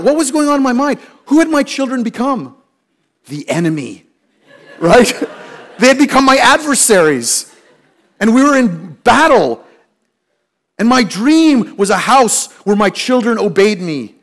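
Middle-aged guy preaching, high voice, tells stories and acts out what people said. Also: big pitch swings, unhurried, long pauses. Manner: storytelling, acts out quoted voices with rising pitch. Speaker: pastor. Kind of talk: sermon.

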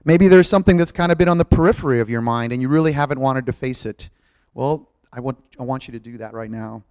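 A man's voice: mid-range voice, fast, a little mellow, clear, resonant tone, no echo. A middle-aged man preaching, who tells a self-mocking story and acts out each line of dialogue. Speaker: pastor. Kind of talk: storytelling sermon.

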